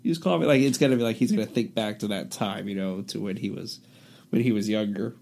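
A man co-hosting a casual chat, animated, acting out quoted lines and laughing often. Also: fairly low pitch, brisk, creaky. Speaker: podcast co-host.

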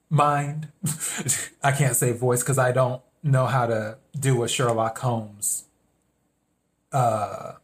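A man hosting a podcast, telling a story in a casual, meandering monologue and acting out his own thoughts in quotes. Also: medium pitch. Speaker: podcast host.

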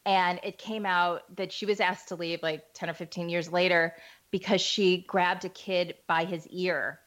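A woman's voice: lowish voice, fairly even intonation, unhurried, fairly bright tone. A woman chatting casually and telling stories expressively, acting out the voices she quotes. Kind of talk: casual chat.

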